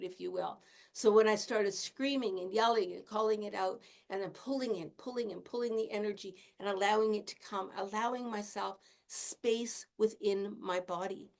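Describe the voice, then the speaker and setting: A woman healer and teacher giving a casual spiritual talk, speaking candidly about her own experience and laughing softly now and then. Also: medium pitch, vocal fry. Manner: candid, self-disclosing, chatty with soft laughs.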